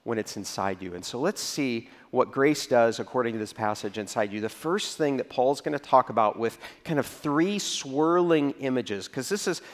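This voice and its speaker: A man preaching to his congregation at a mid pitch. He tells stories in a relaxed, conversational way. He drops his voice low to act out his own reactions. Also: normal speed, hardly any pauses. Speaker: pastor. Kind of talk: sermon.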